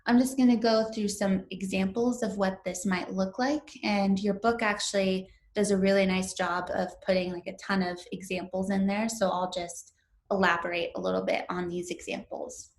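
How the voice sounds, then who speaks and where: A young woman teaches a recorded class in an easygoing, conversational way, with plenty of um and like. Her voice sits at an ordinary middle pitch. The room around her gives a noticeable echo. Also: level tone, moderate pace. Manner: casual, lots of fillers like um and like. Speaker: instructor. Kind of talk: recorded online lecture.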